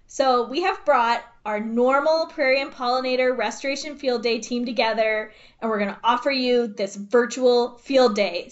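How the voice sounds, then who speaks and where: A woman hosting a podcast, excitable and giggly, jumping between loud bursts and softer talk. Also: a little high, highs cut off. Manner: excitable, giggly, jumps loud then soft. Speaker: podcast host. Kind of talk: bubbly podcast intro. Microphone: home microphone.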